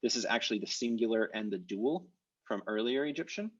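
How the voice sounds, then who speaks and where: A man's voice: lowish voice, expressive, a little fast, lo-fi sound. A man teaching a live online language class over a video call, explaining step by step with many "uh"s and "um"s. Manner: explanatory, with frequent "uh" and "um".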